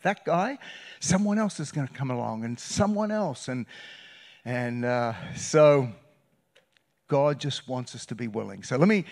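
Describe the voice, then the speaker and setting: A man preaching a sermon as a guest pastor, telling a story with loud bursts and hushed, quiet passages. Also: medium pitch. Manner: animated, shifts between loud bursts and hushed retelling. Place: church sanctuary.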